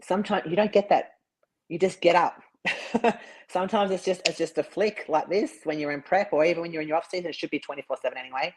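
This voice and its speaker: A woman bodybuilder is a guest in a casual interview chat, earnestly telling her story and restarting sentences often. Her voice is on the low side, fast, husky and darkish in tone, captured in a rough recording.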